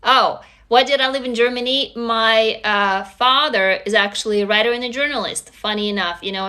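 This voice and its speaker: A woman's voice: mid-range voice, pushed and bright. A woman whose first language is Russian, hosting a casual live stream from a phone, greeting viewers and swearing freely. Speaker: livestream host.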